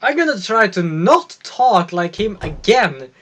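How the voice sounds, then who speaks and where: A man streaming a farming game, chatting casually, playful and excitable, swearing now and then. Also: high voice, unhurried, slight background noise. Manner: playful, excitable, swears, jumps into silly voices. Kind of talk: casual gaming commentary.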